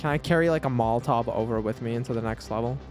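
Talking very fast over music, a man with a medium-pitched voice plays through his game backlog. He rambles profanely with plenty of filler words, exasperatedly poking fun at the characters.

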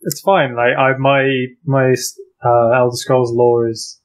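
A man's voice: mid-range voice, level tone, slow pace. A man playing a tabletop game, chatting and joking casually. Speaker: player.

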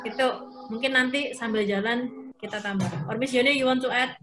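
Over background noise, a somewhat high-pitched woman speaks fairly quickly as she teaches English online, mixing in Indonesian and speaking with an Indonesian accent. She lays out rules one step at a time and quizzes the class with questions.

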